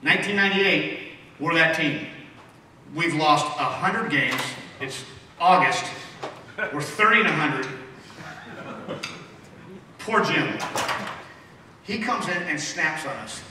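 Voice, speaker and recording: A man in his forties telling rambling, animated stories as an after-dinner speaker and taking questions from the audience in a large banquet hall. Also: fairly high pitch, takes it slowly, pauses often, background noise. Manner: rambling, animated, with lots of restarts. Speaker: after-dinner speaker, former baseball player. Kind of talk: storytelling speech with audience questions. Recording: echoey hall from far off.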